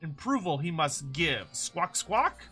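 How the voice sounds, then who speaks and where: A man's voice: a little high, big pitch swings, slow pace, sharp tone, faint music behind, heavily acted. A man voicing a squawking bird-like creature who gives quests with inverted word order, reading game text aloud in character.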